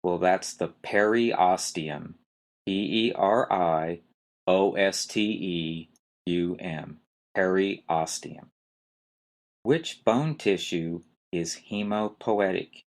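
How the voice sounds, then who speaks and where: A man's voice: sits low, drawn-out words. A man teaching anatomy in a recorded lecture who spells out terms letter by letter and quizzes his listeners. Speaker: instructor.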